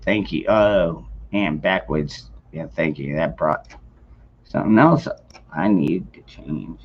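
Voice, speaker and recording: A man with a low, gravelly voice talks slowly and easily through a casual late-night livestream, chatting and greeting viewers by name. The sound is dull and lo-fi, like a home streaming mic. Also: lively intonation. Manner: rambling and laid-back, greeting chat viewers by name. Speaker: livestream host.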